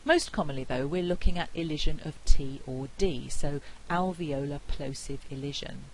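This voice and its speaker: A woman giving a recorded phonetics lecture, explaining carefully and repeating example words slowly. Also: low-pitched, slight background noise, poor audio.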